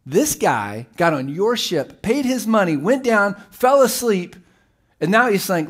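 A middle-aged man preaching a sermon as pastor, telling the story with animated, acted-out voices. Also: high-pitched, unhurried, breathy edge.

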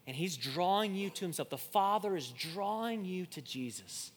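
A man preaching a sermon, swinging between loud declarations and hushed, intimate lines, often repeating and restarting words. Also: high voice, expressive, moderate pace, hardly any pauses, slight background noise. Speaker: pastor. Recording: long hall reverb.

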